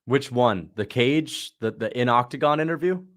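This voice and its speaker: A man's voice: mid-range voice, normal speed. A man hosting a casual watch-along livestream, chatting in a slangy way and answering viewers' questions. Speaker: livestream host.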